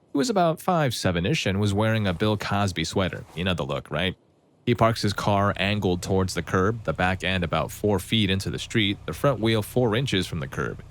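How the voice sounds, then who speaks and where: A man reading out reader-submitted stories in a steady, matter-of-fact scripted narration. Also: lowish voice. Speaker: story channel narrator.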